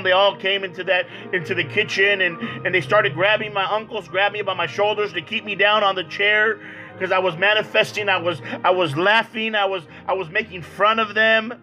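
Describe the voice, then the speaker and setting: A man evangelist giving a personal testimony, earnest and halting, often repeating words as he goes. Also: high voice, pushed and bright, rough recording. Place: church.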